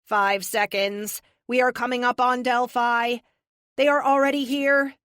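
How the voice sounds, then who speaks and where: A woman voicing a calm, formal male AI pilot in an audiobook, speaking precisely and without contractions. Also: fairly high pitch, measured pace, smooth, no echo, clean studio sound, voice pushed up. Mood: urgent. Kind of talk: audiobook character voice.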